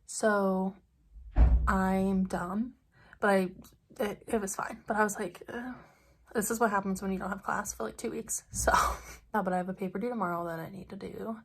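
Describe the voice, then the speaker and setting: A woman's voice: medium pitch, steady tone, moderate pace, creaky. Young woman vlogger, mid-range voice, chatty and rambling, phone-camera sound. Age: young adult. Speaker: study-abroad student vlogger. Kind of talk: casual vlog chat.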